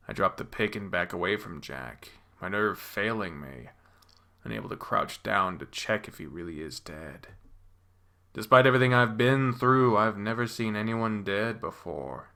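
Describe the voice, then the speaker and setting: A man hosting a channel, reading a visual novel story aloud in the first person with expressive drama, from hushed near-whispers to loud panicked lines. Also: lowish voice, normal speed, gravelly.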